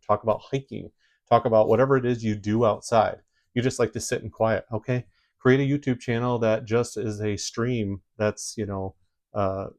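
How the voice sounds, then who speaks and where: A man with a Midwestern accent giving casual advice to camera from home, rambling with many fillers and restarts. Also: fairly low pitch. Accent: Midwestern American. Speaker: YouTube creator giving tips.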